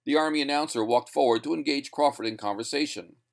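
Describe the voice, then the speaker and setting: A man reading a short story aloud in a steady, measured narration. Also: mid-range voice, gravelly.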